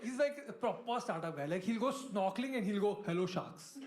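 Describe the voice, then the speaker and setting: A man's voice: high-pitched, animated, brisk, reverberant, very noisy. A man doing a stand-up comedy set, chatty and self-mocking, often turning to ask the crowd.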